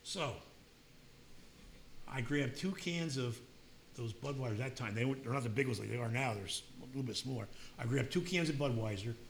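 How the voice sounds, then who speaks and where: A man's voice: medium pitch, fairly quick, creaky, slight background noise. An older man telling his own recovery story in plain, casual words, acting out the voices of the people in it. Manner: plainspoken, acts out quoted voices. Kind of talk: personal storytelling at a meeting.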